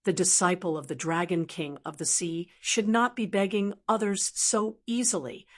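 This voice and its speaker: A woman's voice: lowish voice, steady tone, moderate pace, close to an everyday voice. A woman voicing a confident young male warrior with a teasing, bold manner.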